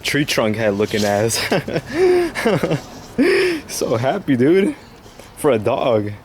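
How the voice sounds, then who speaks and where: A young man casually vlogging with a camcorder, slangy and quick to laugh. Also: wildly swooping pitch. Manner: slangy, laughing, baby-talks to his dog in a much higher voice. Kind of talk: casual vlog chat. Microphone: handheld camcorder. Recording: noisy street ambience, vehicles.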